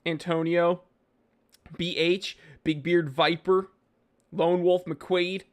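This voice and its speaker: Male livestream host, casual and animated, slightly raised pitch, lots of restarts. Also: slow pace. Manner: animated, reads viewer names aloud, frequent fillers and restarts. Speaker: livestream host answering chat. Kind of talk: casual live chat. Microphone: microphone he sometimes bumps.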